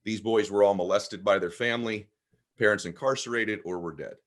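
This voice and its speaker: A man, a guest on an interview podcast, telling personal stories with animated emphasis. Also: on the low side, brisk. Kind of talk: storytelling conversation.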